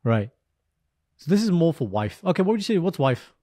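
A man's voice: on the high side, big pitch swings, brisk, warm tone. A British man co-hosting a casual podcast chat, teasing his friend and mixing in Punjabi phrases. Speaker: podcast co-host.

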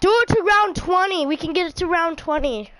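A woman's voice: extremely high pitch, brisk, fairly bright tone, slight background noise, low-quality recording. A woman gaming with a friend in casual chat, teasing and yelping as she plays. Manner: teasing, yelps and mimics her friend. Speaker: gamer.

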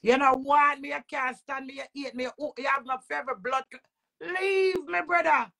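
High-voiced Jamaican woman ranting. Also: fairly even intonation, brisk, creaky, fairly bright tone. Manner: agitated, repetitive, swearing. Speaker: vlogger. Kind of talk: emotional rant to camera.

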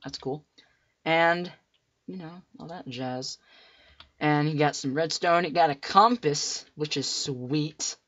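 Brief: man, game host, slow talker with a bright tone and a cracking voice, jumpy and chatty, muffled lo-fi mic. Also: on the high side, no room sound. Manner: chatty, jumpy, yelps at enemies. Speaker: let's play host. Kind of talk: gameplay commentary.

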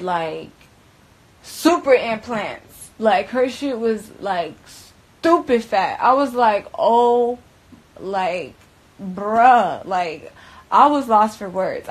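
A young woman recounting what happened in a loose, profane, rambling way, full of filler words, swinging between loud, animated bursts and hushed stretches. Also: medium pitch, poor audio. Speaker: interviewee recounting events. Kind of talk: casual storytelling.

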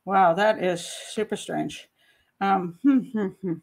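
A woman's voice: medium pitch, fairly even intonation, slow, vocal fry, a little mellow. A woman in her sixties, out of breath, hosting a casual livestream at home and exclaiming to herself as she sorts out a screen problem. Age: 60s. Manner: chatty, exclaiming, talks to herself while troubleshooting. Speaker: host.

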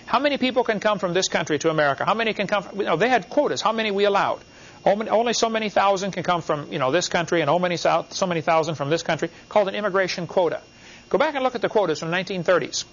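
A man's voice: sits high, a bit bright. A man giving a classroom lecture, emphatic, talking in short repeated phrases and asking the class questions. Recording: dull, lo-fi class recording.

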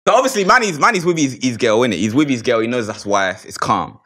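A man's voice: mid-range voice, lively intonation, quick pace, music in the background. A man with a London accent casually telling a funny dating story. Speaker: panel comedian. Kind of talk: casual comedic anecdote.

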